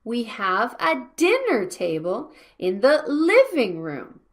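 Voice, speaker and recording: Female example reader, high and very animated pitch, slow exaggerated stress. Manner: slow, sing-song, exaggerated stress on single words. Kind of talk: reading example sentences.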